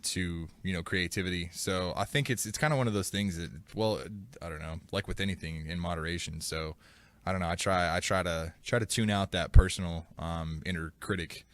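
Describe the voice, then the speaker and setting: A man's voice: low voice, a little fast, no room sound. A man, a musician guest on a podcast, talking in a loose, rambling way with lots of fillers and casual swearing. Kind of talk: casual chat.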